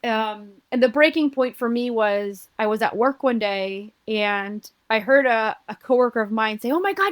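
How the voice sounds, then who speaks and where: A woman from Uruguay, a podcast guest, telling a personal story in an earnest, halting way with many restarts. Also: a little high, dry recording.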